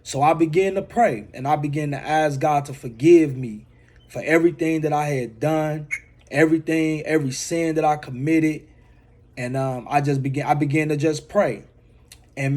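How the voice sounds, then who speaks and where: A man's voice: fairly high pitch, a little mellow. A man, a motivational speaker, telling a personal testimony and repeating phrases for emphasis.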